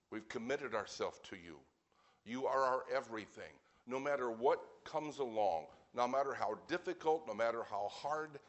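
A man preaching an evening sermon as pastor, speaking earnestly and plainly, with wry asides, and reading scripture slowly and weightily. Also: medium pitch.

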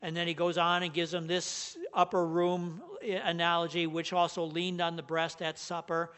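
Male pastor, high-pitched, emphatic sermon delivery. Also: level tone, moderate pace, a bit bright, clear, resonant tone. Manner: earnest, emphatic, stresses key words.

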